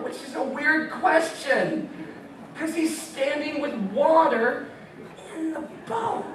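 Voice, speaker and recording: High-voiced young American male preacher, jokey and animated, heard from afar in a big echoing room with an audience. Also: normal speed, noisy background. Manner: playful, joking, laughing often, acting out voices. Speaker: campus ministry speaker. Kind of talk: sermon. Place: meeting hall with audience. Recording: echoey hall, mic far off, audience.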